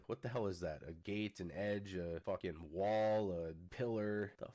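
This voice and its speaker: A man's voice: lowish voice, moderate pace, few pauses, a little mellow, faint music behind. A man joking around between takes while recording narration, goofy and profane, breaking into laughter and silly voices.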